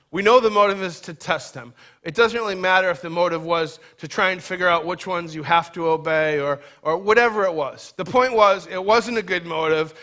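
Man, sermon, high-pitched, bright tone, emphatic delivery. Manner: emphatic, swings from loud urgency to low quiet stress; acts out quoted voices in a casual tone. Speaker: pastor.

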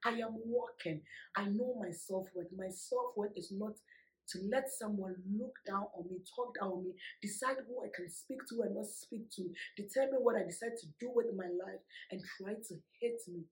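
A woman vlogger telling a personal story to her viewers in an emphatic, animated way, laughing often. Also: medium pitch, normal speed, rough recording. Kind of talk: storytime vlog.

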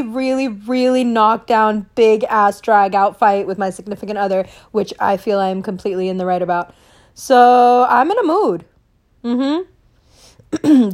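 A woman's voice: medium pitch, a little mellow. A young woman hosting a casual podcast, ranting angrily with heavy cursing and emphatic repeats. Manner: angry, profane, emphatic ranting. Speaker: podcast host.

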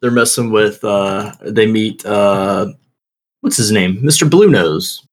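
Halting man chatting with friends. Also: on the low side. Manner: halting, many restarts and fillers, laughs often. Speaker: podcast co-host. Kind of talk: casual chat.

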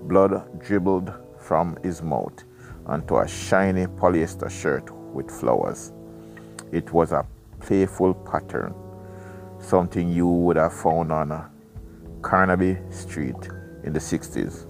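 A man's voice: low voice, takes it slowly, creaky, soft background music. A man, reading a book aloud and breaking off into rambling, chatty asides as a podcast host. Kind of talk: casual reading with side commentary.

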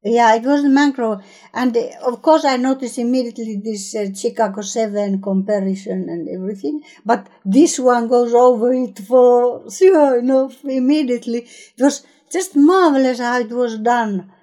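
Enthusiastic woman with a mellow voice. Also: fairly high pitch, normal speed. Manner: enthusiastic, searching for words, non-native grammar. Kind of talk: casual chat about films.

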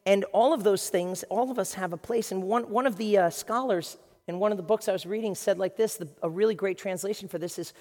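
Guy preaching, chatty and animated, big echoey church hall. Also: high voice. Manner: lively, conversational preaching with quick asides to the congregation. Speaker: pastor. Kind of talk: sermon. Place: large church hall with a congregation. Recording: long reverb of a large hall.

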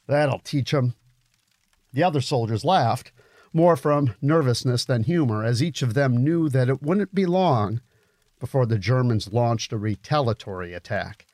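Man narrating a grave story, mid-pitched. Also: normal speed, darkish tone, no echo. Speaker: audiobook narrator. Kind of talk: scripted narration.

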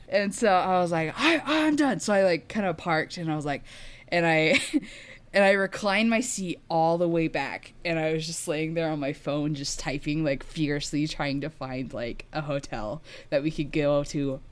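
A woman's voice: sits low, steady tone, normal speed, clear, resonant tone. A young woman telling a travel story in casual chat, laughing often and filling her talk with "like". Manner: chatty, laughs often, many "like" fillers. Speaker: guest sharing a travel story.

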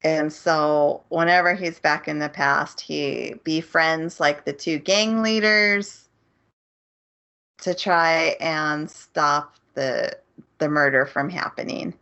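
A woman's voice: sits low, slow pace. Woman recapping a plot, lo-fi audio. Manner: animated plot recap with acted-out quotes. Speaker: podcast co-host. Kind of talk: casual chat. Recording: muffled lo-fi audio.

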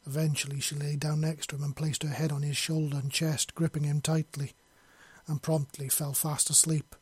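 A man narrating a fantasy story in a steady, measured read. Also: on the high side, husky, no echo.

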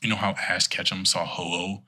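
Husky-voiced man telling a rambling story. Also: sits low, little pitch movement, normal speed, bright, forceful tone. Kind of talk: casual chat.

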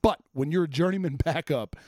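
A man's voice: fairly high pitch, a little fast, dark tone, no room sound, studio quality. A man ranting about sports as a host, blunt and exasperated, swearing freely. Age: adult, former offensive lineman. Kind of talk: profane sports rant.

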